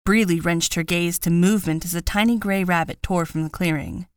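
Woman narrator for a first-person audiobook; lower register, wry understated read, dry studio sound. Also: fairly even intonation, fairly quick, no echo.

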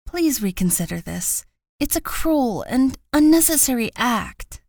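A woman's voice: on the high side, very animated, a little slow, vocal fry, darkish tone, no echo, pitched above the performer's own voice, exaggerated voice. Earnest young female student pleading with a teacher, read by a woman narrator; dry studio audiobook. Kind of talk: audiobook character voice.

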